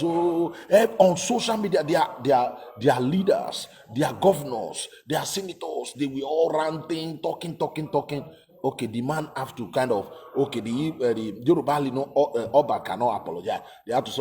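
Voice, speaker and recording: A man's voice: mid-range voice, animated, moderate pace, a little mellow. A man giving emphatic, casual political commentary, repeating himself and asking rhetorical questions.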